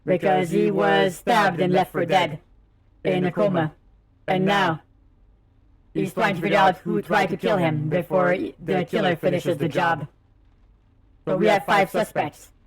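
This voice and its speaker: A man's voice: sits high, fairly even intonation, measured pace, pauses often, a crowd in the background. A man streaming a game, casually chatting and reading the game's text aloud.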